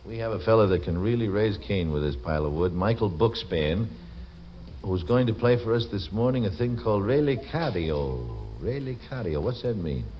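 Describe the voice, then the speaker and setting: A man's voice: fairly low pitch, expressive, normal speed, soft background music. A man hosting a radio show, joking wryly and reading letters and ads in folksy patter. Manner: wry, folksy, teasing. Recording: dull old radio broadcast, faint hiss.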